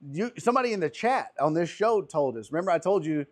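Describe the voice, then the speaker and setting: A man's voice: a little high, animated, fast. Foul-mouthed man telling rambling stories. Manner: profane, rambling storyteller. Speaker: podcast host and stand-up comedian. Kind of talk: casual chat. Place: outdoor patio.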